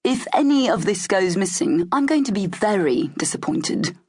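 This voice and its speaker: A woman's voice: medium pitch, very animated, normal speed, darkish tone, slightly rough, pitched above the performer's own voice. A woman doing Cale, a wry cocky rogue. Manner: sly, teasing, half-whispered asides. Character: wry male rogue bodyguard, cocky joker.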